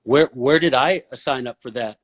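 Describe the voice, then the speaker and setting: A man speaking as a podcast guest, blunt and opinionated, with a preachy, forceful way of making his point. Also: mid-range voice, moderate pace. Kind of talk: casual podcast conversation.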